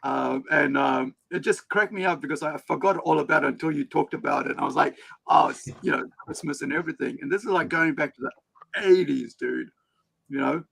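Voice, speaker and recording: A man's voice: a little high, a little fast, gravelly, fairly bright tone. A man with a New Zealand accent hosting a livestream, rambling and slangy in casual chat. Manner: rambling, slangy, laid-back. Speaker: livestream host.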